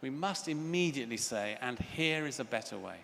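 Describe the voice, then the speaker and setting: A man's voice: mid-range voice, animated, normal speed, vocal fry, a bit bright, slight background noise. An older man giving an earnest plenary lecture at a conference, telling stories as he speaks. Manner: earnest, storytelling with child voices. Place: large conference hall. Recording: reverberant hall, faint ambience.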